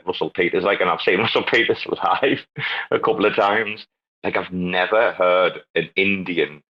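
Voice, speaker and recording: Over lo-fi online chat audio, a deep-voiced man hosts a casual voice chat like a podcast. He rambles, swears freely, and laughs a lot.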